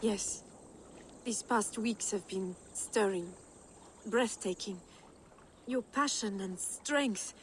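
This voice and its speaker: A woman's voice: mid-range voice, slow, pauses often, a little hiss or hum, close to an everyday voice. A woman with a French accent voicing a wistful Frankish noblewoman in a video game, speaking in a tender, dreamy way.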